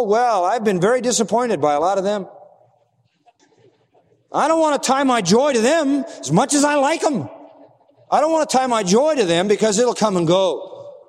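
A man's voice: very high-pitched, in a large hall. A man preaching an expository sermon as a pastor, emphatic and repetitive, rising and falling for emphasis.

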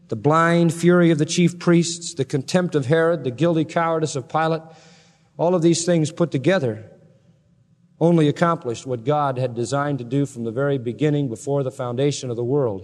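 A man preaching an expository sermon, swinging from loud proclamation to hushed emphasis. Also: a little high. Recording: long hall reverb.

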